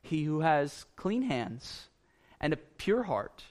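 A man with a notably high voice delivers an earnest sermon. He repeats key phrases for emphasis and presses his points with growing intensity. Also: sing-song, slow pace, darkish tone. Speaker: pastor.

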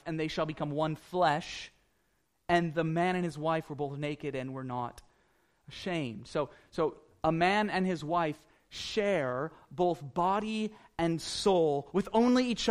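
High-voiced man preaching an earnest sermon. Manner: earnest, repeats phrases for emphasis, rises in intensity. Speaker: pastor.

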